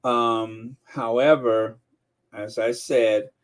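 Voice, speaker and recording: Slow, chatty male live-stream host. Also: mid-range voice, flat delivery. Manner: unhurried, chatty, many um and uh fillers. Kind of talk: casual live-stream commentary.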